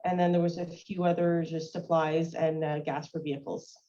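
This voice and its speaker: A woman's voice: low voice, little pitch movement, moderate pace, warm tone. A woman presenting a financial report at a council meeting, reading figures in a matter-of-fact way with small hesitations. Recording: dull lo-fi livestream audio.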